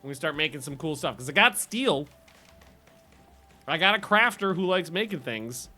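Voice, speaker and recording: A man's voice: a little high, lively intonation, normal speed, bright, forceful tone, soft background music. Chatty man streaming a game. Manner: chatty, rambling, laughs often, self-interrupting. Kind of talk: casual gameplay commentary chatting with viewers.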